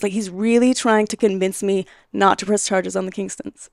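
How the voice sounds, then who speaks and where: Smooth-voiced young woman telling a story. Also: mid-range voice, normal speed, few pauses, no echo, studio quality. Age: 20s. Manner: animated, laughs often, acts out quoted dialogue. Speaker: podcast guest. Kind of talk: casual storytelling conversation.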